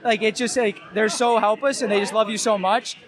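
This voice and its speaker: High-voiced rambling young man. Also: fairly even intonation, a little fast, crowd noise. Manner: rambling, many filler "like"s. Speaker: gym owner and new father. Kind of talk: casual interview chat.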